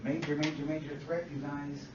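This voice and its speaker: A man lectures to a classroom in a fairly high voice, repeating himself for emphasis and checking in with his students. He is heard from a distance in an echoey room, and the recording is dull and a little hissy. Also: little pitch movement, fairly quick. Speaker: instructor.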